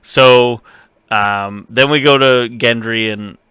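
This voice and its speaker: A man chats through a TV episode on a podcast, rambling and tossing in quick quotes of the characters. His voice is bright and crisp. It sounds dry and close to the mic. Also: mid-range voice, fairly even intonation, no room sound. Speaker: podcast co-host recapping a TV episode. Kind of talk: casual chat.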